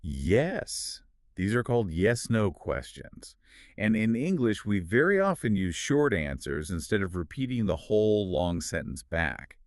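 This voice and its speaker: A man's voice: fairly low pitch, very animated, normal speed, no echo, studio quality. A man co-hosting a scripted English lesson, explaining pronunciation step by step. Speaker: English teacher co-host. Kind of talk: scripted language lesson dialogue.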